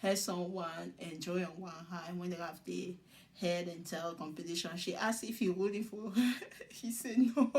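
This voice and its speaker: A woman's voice: lowish voice, unhurried, darkish tone. A woman recapping a show episode in casual commentary, laughing often and acting out the cast's lines. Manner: laughs often while retelling scenes; acts out cast members' lines in quotes.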